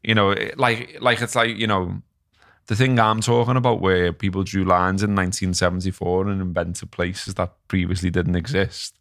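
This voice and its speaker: A man's voice: low-pitched, fairly even intonation, moderate pace, fairly bright tone, no echo, clean studio sound. A man with a Scouse accent co-hosting a podcast, talking in a hesitant, meandering way full of fillers. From Liverpool area, England. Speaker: podcast co-host. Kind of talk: casual chat.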